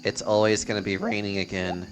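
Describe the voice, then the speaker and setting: A man's voice: on the low side, flat delivery, brisk, soft background music. A man streaming a game and chatting casually with friends, rambling and laughing often. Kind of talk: casual chat while gaming.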